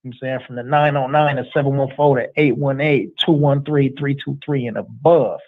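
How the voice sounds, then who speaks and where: A man hosting a livestream in a casual chat, reading out viewer shout-outs in relaxed street slang. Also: mid-range voice, brisk. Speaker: livestream host. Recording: tinny phone-like sound.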